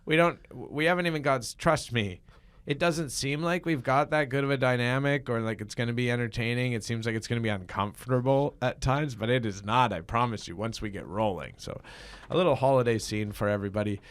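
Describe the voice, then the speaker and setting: A man's voice: mid-range voice, brisk, few pauses. A man hosting a comedy podcast, joking and rambling, laughing often before an improv scene. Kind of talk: casual comedy chat.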